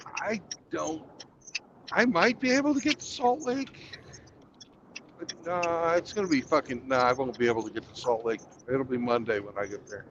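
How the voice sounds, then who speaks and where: A man's voice: mid-range voice, normal speed, dull audio, noisy background. A man working as a truck driver, chatting casually with dry humor and plenty of swearing. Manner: dry, swearing, wry understatement. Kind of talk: casual chat.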